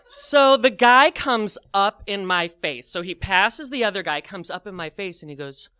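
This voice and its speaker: A man telling a comic personal story, animated and full of fillers, acting out his own thoughts as he goes. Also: sits high, moderate pace, few pauses, clean tone, dry recording, studio quality.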